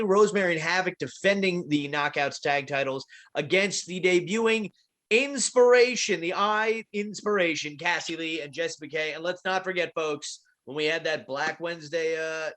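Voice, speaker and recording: A man's voice: a little high, fairly bright tone. A man hosting a casual wrestling prediction podcast, calling on each co-host in turn. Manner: leads the talk, calls on each co-host.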